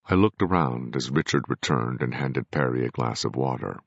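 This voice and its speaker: A man narrating a novel in first person, measured and grave. His voice is extremely deep and gravelly. The sound is dry and dull, with a lo-fi, muffled top end. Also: no echo. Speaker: audiobook narrator.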